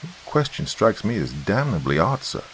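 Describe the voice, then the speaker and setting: A man's voice: lowish voice, sing-song, normal speed, slight background noise, pitched above the performer's own voice, low-quality recording. A man voicing an imperious, shaken time traveler. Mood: tense, imperious. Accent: odd, unfamiliar accent. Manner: imperious, distraught. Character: shaken, haughty man from the past.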